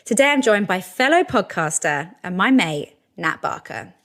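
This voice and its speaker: Casting: young woman, podcast host, chatty, laughs easily, mid pitch. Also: big pitch swings, normal speed, fairly bright tone, slight background noise. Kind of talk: casual chat.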